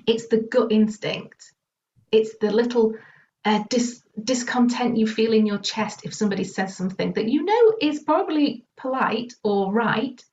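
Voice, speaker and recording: A woman EFT practitioner and confidence coach, a guest in an interview, explaining her work through lively stories and casual swearing. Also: on the high side. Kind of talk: conversational interview answers. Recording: distant, muffled with faint background noise.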